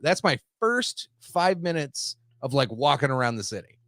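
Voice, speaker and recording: A man's voice: on the high side, animated, moderate pace, a bit bright, no echo, clean studio sound. Rambling, profane country-boy storyteller. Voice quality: self-described simple country boy. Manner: rambling, profane, heavy on fillers. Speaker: podcast host. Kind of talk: casual storytelling.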